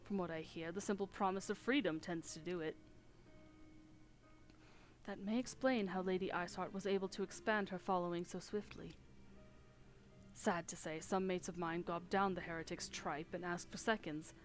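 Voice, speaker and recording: A woman voicing a cynical lowborn male soldier with rough, common speech, reading game dialogue aloud. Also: fairly even intonation, moderate pace, soft background music, lightly acted. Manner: rough common speech, dry and world-weary.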